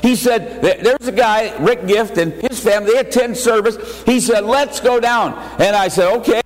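An older man preaching an anniversary sermon, emphatic, slowing and rising for key lines. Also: high voice, big-room sound, rough recording. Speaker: pastor.

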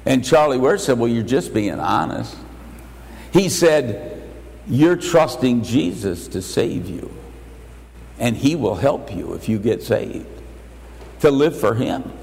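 An older man preaching an anniversary sermon, emphatic, slowing and rising for key lines. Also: mid-range voice, animated, gravelly, darkish tone, long reverb tail, low-quality recording. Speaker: pastor.

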